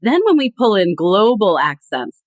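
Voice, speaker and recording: A woman guest on a podcast, explaining with animated emphasis in a conversational tone. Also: mid-range voice, a little slow, no echo. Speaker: guest expert.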